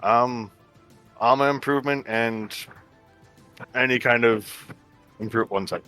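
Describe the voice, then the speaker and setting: A man's voice: medium pitch, unhurried, pushed and bright, clean tone, faint music behind. A man playing a tabletop game, speaking casually and a little hesitantly. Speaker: player.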